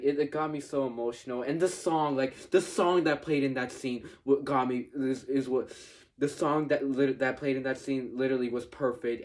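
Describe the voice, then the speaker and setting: A man talks through a film review in a loose, unscripted way. He stumbles and restarts his phrases often, fills pauses with ums and uhs, and swears casually. His pitch sits right in the middle for a man. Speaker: movie reviewer. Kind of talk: casual spoken movie review.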